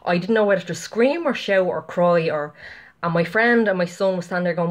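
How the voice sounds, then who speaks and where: Woman, middle-aged, slightly low voice, casual rambling testimony vlog. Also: fairly quick. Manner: chatty, rambling, many fillers and asides to viewers. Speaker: Christian vlogger.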